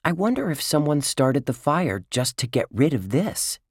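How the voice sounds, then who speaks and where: A man's voice: a little high, sing-song, normal speed, breathy edge, no room sound, clean studio sound, pitched above the performer's own voice. A man voicing a clever, curious young girl who thinks things through. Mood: thoughtful.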